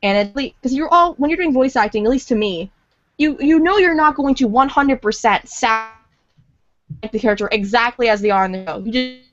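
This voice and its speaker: A woman's voice: on the high side, brisk, no room sound, faint music behind. A woman who is a fan voice actor, chatting casually and rambling a bit, on dull lo-fi audio. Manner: chatty, rambling, self-deprecating. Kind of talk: casual podcast chat.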